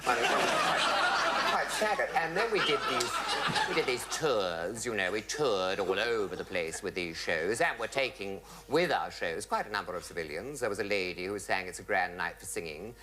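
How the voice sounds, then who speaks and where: A man's voice: lowish voice, lively intonation, moderate pace, hardly any pauses. A man telling comic stage anecdotes to a studio audience, theatrical, switching into swooping voices for the people he quotes. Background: audience laughter.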